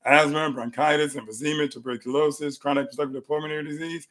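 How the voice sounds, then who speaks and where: A middle-aged man hosts a live health talk from his clinic room, his voice sitting a little high for a man. He tells animated stories and repeats phrases to drive his points home. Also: fast talker.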